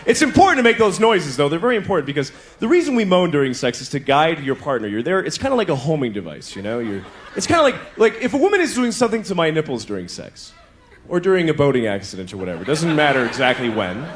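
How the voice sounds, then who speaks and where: A middle-aged man performs stand-up comedy, his voice set fairly high and swinging wildly in pitch as he acts out voices and moans. A faint hiss of background noise sits under the recording. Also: quick pace. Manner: animated storytelling, acting out voices and moans.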